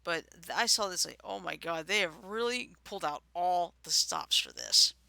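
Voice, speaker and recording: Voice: mid-range voice, wildly swooping pitch, moderate pace, vocal fry, bright, forceful tone, dry recording. A co-host from Alabama in casual chat on a live stream, talking things through aloud while looking them up. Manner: chatty, thinks aloud while searching. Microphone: streaming setup.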